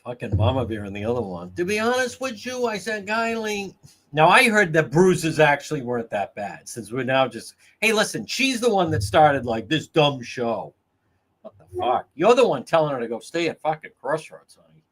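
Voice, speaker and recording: A man's voice: mid-range voice, moderate pace. A man hosting a livestream, telling stories in a casual, profane, laughing way. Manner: profane, laughing, animated storytelling. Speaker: livestream host.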